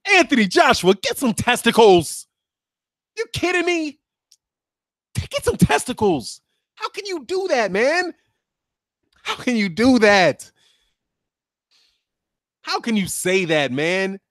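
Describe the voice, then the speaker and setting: A man's voice: very high voice, very animated, slow pace, pauses often, fairly bright tone, no echo, studio quality. A man hosting a boxing commentary channel, mocking and sarcastic, laughing often as he reacts.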